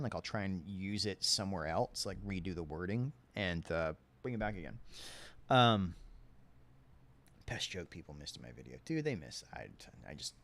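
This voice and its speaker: A man with a lisp answering viewer questions in a casual livestream chat, rambling and self-deprecating. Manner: animated, swings between low and high tones.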